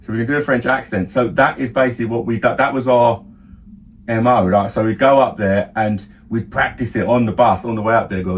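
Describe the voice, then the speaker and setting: A man's voice: medium pitch, fairly quick. A middle-aged man, co-hosting a casual podcast as a father, telling rambling stories full of restarts. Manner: rambling storyteller, many restarts and laughs. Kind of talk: casual chat. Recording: slightly distant mic, faint room noise.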